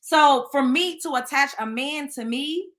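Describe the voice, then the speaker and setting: A woman's voice: sits high, a little slow, a bit bright. A woman hosting a casual gossip show, talking bluntly and with plenty of profanity straight to her listeners. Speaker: show host.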